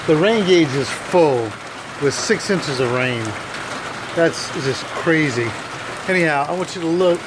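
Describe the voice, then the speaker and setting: Chill guy filming his farm, talks slow, keeps saying anyhow, rain noise all around. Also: fairly high pitch. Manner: relaxed, chatty, repeats "anyhow". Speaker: vlogger. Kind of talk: casual video diary. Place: outdoors on a farm. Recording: outdoor camera audio with rain noise.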